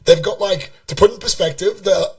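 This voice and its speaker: A man's voice: high voice, normal speed, gravelly, far from the mic. A young man in his twenties with an Australian accent, co-hosting a casual podcast chat and telling stories with lots of swearing. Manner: swears constantly, animated storytelling. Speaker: podcast co-host.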